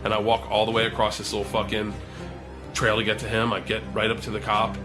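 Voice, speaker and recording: A man's voice: fairly low pitch, quick pace, over music. A man telling a wild story in casual chat, swearing often and acting out the voices of the people in it. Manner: animated, swears a lot, acts out quotes. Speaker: storyteller guest. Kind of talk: profane comic storytelling.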